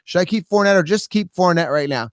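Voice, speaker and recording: A man's voice: high voice, dry recording, studio quality. A man hosting a live fantasy football Q&A stream, talking energetically and hyping up his viewers. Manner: energetic, fast, hypes listeners up. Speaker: fantasy football advice host.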